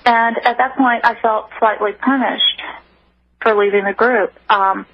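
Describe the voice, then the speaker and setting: Husky-voiced woman over a phone line. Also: on the high side, fairly even intonation, no room sound. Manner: earnest, halting, many restarts. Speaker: radio interview guest. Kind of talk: personal account on a call-in show. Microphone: telephone.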